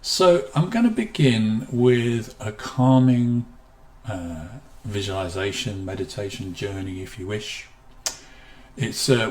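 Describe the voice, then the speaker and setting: Male seminar presenter, low voice, live stream from an echoey room at home, shifts into slow soothing delivery. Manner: deliberately slows and softens his voice to demonstrate calm. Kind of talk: live online seminar talk. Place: room at home with a guitar behind.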